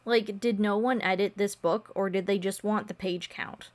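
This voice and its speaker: A woman's voice: medium pitch, fairly even intonation, normal speed. A woman giving a casual book review, blunt and exasperated in her criticism.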